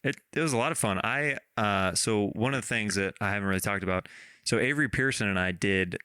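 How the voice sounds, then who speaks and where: A man hosting a podcast talks in an easy, rambling way, circling back and restarting his thoughts as he goes. His voice is bright and forceful, with a smooth, clean clarity. It is recorded dry and close, with almost no room sound. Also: on the low side, a little fast, dry recording. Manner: rambling, many restarts, laughs often. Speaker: podcast host. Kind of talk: casual interview chat.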